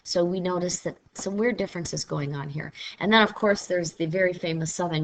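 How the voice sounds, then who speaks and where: Speaking briskly in a fairly low voice, a Missouri literature teacher gives a relaxed, recorded classroom lecture with occasional playful imitations of regional speech. There's slight background noise.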